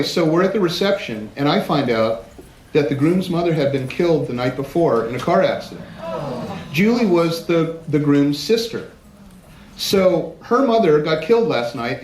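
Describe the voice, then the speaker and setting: A man giving a live platform presentation, telling lively anecdotes and acting out other people's lines for an audience. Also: a little high. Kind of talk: storytelling talk to a live audience. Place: large event hall. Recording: roomy hall with faint noise.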